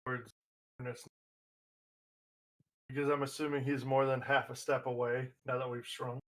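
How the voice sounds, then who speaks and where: A man's voice: mid-range voice, little pitch movement, normal speed, a bit bright, poor audio. A man playing a tabletop game, describing his character's actions plainly and sometimes swearing. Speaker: player. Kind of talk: casual tabletop role-play.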